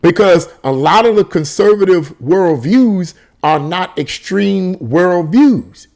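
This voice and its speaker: Taking it slowly, this man speaks in a high, animated voice with a darkish tone. He reads a news article aloud, then interrupts himself with sarcastic, repetitive commentary, frequently restarting and stumbling over repeated words.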